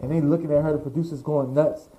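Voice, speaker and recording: A man being interviewed as a fashion designer, telling his story in a lively, profane way and acting out the voices of the people he quotes. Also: on the high side, fast talker, slight background noise, rough recording.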